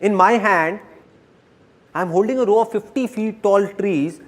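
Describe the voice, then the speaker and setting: A man giving a motivational talk to a live audience, animated and playful, repeating his key lines. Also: high-pitched, moderate pace. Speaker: motivational speaker.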